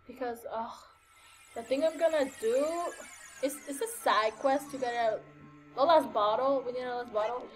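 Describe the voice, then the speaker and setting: A woman's voice: fairly high pitch, normal speed. Chatty young woman narrating gameplay. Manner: chatty and scattered, many fillers and exclamations. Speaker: gaming channel host. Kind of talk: casual let's-play commentary. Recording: faint game music behind.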